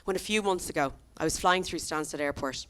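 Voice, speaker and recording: A woman in her thirties with an Irish accent, performing a chatty, animated stand-up set on a comedy club stage, tossing quick asides to the crowd. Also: low voice, a little hiss or hum. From Ireland. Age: 30s.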